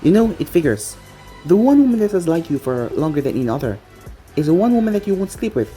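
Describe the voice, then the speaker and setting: A reader voicing a sharp-tongued young female ninja who talks sarcastically. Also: mid-range voice, big pitch swings, fast, soft background music, lightly acted. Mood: sarcastic.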